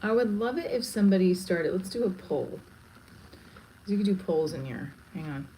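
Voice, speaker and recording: A woman's voice: lowish voice, moderate pace, dark tone, a little hiss or hum, rough recording. A woman comedian chatting casually on a live stream, rambling from one thought to the next. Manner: chatty, rambling, breaks into song.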